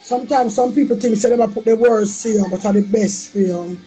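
A Jamaican woman talks casually on a live stream, playful and boastful. Her voice sits high but mellow, and she often repeats a phrase in a sing-song chant. Faint music plays in the background. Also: a little fast.

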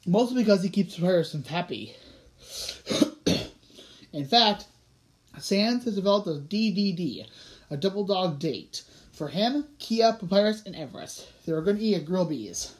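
A woman's voice: lowish voice, low-quality recording. Woman reading a story, stumbling often. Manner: stumbling, self-correcting. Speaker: reader. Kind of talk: reading a fan story aloud.

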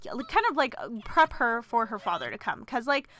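Woman narrator for a casual let's play; chatty and gossipy, rambles with fillers, voice on the high side. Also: very animated, a little fast, sharp tone, slight background noise. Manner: rambling, many fillers and restarts. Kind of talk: casual game commentary.

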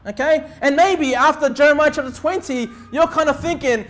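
Very high-voiced earnest male preacher. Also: lively intonation, a little fast, hardly any pauses, a bit bright. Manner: earnest, keeps asking the congregation "okay?". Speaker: pastor. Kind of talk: sermon.

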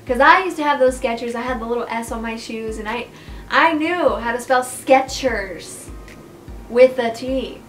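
A young woman with a high, bright voice talks straight to her viewers in a loose, chatty vlog. She is animated and disbelieving, swinging into sudden swearing outbursts, with faint music under her. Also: moderate pace, low-quality recording. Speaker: YouTuber. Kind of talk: casual vlog monologue.

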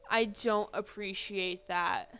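Woman game streamer, bright forceful voice, slow unhurried talk, casual swearing, exasperated, faint game music behind. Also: mid-range voice, steady tone. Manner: chatty, exasperated, swears freely. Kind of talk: casual live game commentary.

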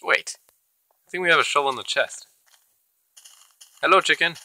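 A man's voice: on the high side, moderate pace, vocal fry, bright, forceful tone, low-quality recording. A man hosting his own gaming channel, giving casual, chatty commentary as he plays and talking to the creatures in the game. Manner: chatty, talks to himself and the game mobs.

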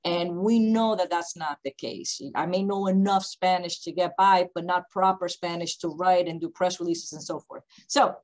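A woman who founded a company, speaking on a video call panel with emphatic, deliberately slow, repetitive points. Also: lowish voice, steady tone, a little mellow, rough recording. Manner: emphatic, repeats key points, speaks slowly on purpose.

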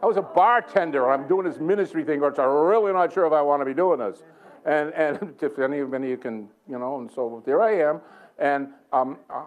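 A man's voice: a little high, expressive, moderate pace, phone-quality sound. A man preaching a sermon in a church, telling a story with lots of chuckles and self-mocking humor. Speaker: guest preacher. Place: church sanctuary.

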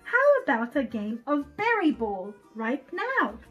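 A woman's voice: high-pitched, huge pitch swings, takes it slowly, a bit bright, dull audio, faint music behind, full character voice. A woman voicing a good-natured male bug friend in a storybook, speaking earnestly. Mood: friendly.

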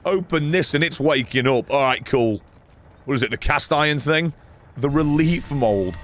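A man's voice: fairly high pitch, a bit bright, slight background noise. A man streaming a horror game, chatting casually with his viewers, reading their messages and swearing freely as he plays. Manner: swears freely, banters with chat. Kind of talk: casual gameplay commentary.

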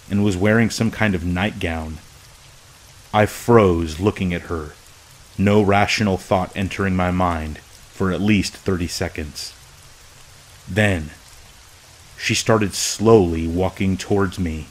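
A man narrating a true scary story from a script, in a slow, hushed, measured way. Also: low-pitched, poor audio.

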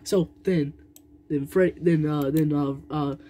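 Slow, mellow young toy play narrator. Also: mid-range voice, steady tone. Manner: rambling, stalling with fillers and humming.

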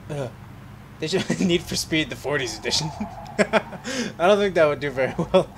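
Guy doing let's play commentary, kinda high voice, laughs constantly, yells at the game. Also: expressive, measured pace, vocal fry, long pauses, a little hiss or hum. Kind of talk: casual gameplay commentary.

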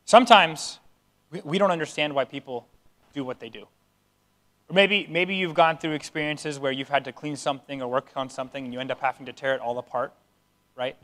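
A man's voice: mid-range voice, brisk, a bit bright. A man in his thirties preaching a sermon as pastor, conversational and earnest, building to emphatic exhortation.

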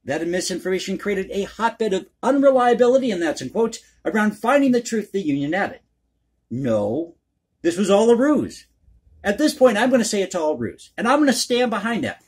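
With a high, husky, darkish voice, this man is very animated at a normal speed. He runs a one-take political commentary vlog, calling his audience folks and rambling in an opinionated, folksy, conspiratorial manner.

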